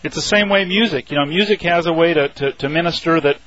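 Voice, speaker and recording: A man hosting a radio talk show, speaking in a halting, casual way with frequent restarts. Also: fairly high pitch, fairly bright tone. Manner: halting, many restarts and fillers. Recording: dull lo-fi radio audio.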